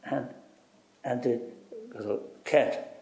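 Slow-spoken man, halting English. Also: medium pitch, fairly even intonation, vocal fry, a little mellow, reverberant. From Tibet. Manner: halting broken English, repeats "you see", chuckles. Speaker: interviewee, spiritual teacher. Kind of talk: reflective interview answers.

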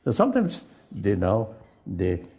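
A man speaks in a panel discussion, halting and searching for his words, often starting over. His voice is mellow and dark. It rises and falls a great deal, and he brings quoted remarks to life with a lot of energy. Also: on the low side. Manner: animated, acts out quoted speech. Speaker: spiritual leader in a panel discussion. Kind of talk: conversational panel talk.

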